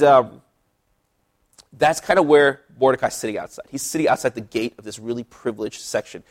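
A man who is a pastor, leading a casual Bible study in a relaxed, chatty way with lots of asides. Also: medium pitch.

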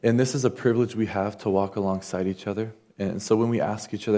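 A man delivers a sermon in a low voice. He speaks earnestly and conversationally, voicing the people he quotes. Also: fairly even intonation, fast, warm tone. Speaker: pastor.

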